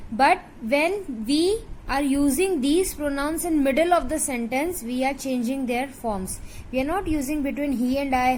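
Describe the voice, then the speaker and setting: High-voiced Indian English woman teaching. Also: a little hiss or hum, rough recording. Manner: patient, checks understanding with "right?"; drills word lists slowly. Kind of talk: grammar lesson explanation.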